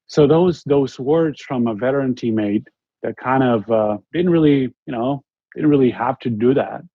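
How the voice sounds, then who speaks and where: A man in his forties from Spain with a Spanish accent, telling a story as an interview guest in an earnest, halting way with frequent restarts. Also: medium pitch, husky, no echo, phone-quality sound. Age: 40s. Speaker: interview guest, former basketball player.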